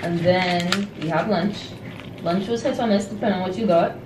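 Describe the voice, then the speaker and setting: A young woman recapping the day in a relaxed, hesitant way, with lots of fillers. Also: on the low side, normal speed, distant mic. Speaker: travel companion. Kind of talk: casual chat. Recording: roomy, off-mic, noisy.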